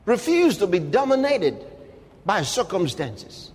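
Emphatic husky preacher man. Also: big pitch swings, slow. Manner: emphatic, preaching with sharp swings in pitch and loudness. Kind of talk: sermon. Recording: long hall reverb.

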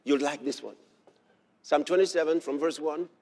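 A man preaching a sermon as pastor, emphatic and repetitive, building up to shouted lines. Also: on the high side, normal speed. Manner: emphatic, repeats phrases, rises to shouts. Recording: long hall reverb.

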